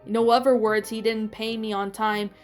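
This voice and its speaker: Cruel gangster guy growling threats, read by a woman, soft music behind. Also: a little high, little pitch movement, normal speed, natural voice. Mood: menacing. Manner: growling and menacing.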